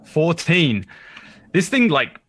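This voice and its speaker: A man running a tabletop game as dungeon master, narrating in a relaxed, hesitant way with many fillers. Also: fairly high pitch, slow pace, breathy edge.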